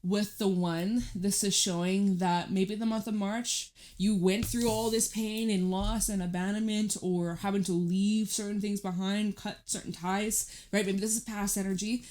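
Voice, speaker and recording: A woman giving a tarot reading to camera, talking in a gentle, reassuring, chatty way with many fillers. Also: mid-range voice, steady tone, measured pace, few pauses. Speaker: tarot reader.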